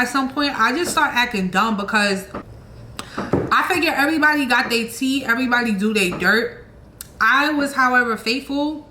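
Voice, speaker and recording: A young woman telling a storytime vlog, animated and blunt, swearing freely and acting out her own quoted lines. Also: fairly high pitch. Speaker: channel host. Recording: echoey room with faint noise.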